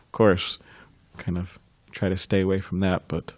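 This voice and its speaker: Low-voiced man giving a temple class. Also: little pitch movement, a little slow, dry recording. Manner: informal, anecdotal, laughs softly between thoughts. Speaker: scripture class speaker. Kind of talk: reminiscing temple class talk.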